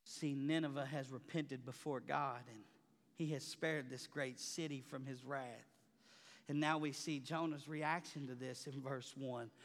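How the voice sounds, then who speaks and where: A man preaching a sermon as pastor, swinging from quiet murmurs to loud, high shouting in a dramatic, colloquial preaching style. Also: steady tone, unhurried, long reverb tail.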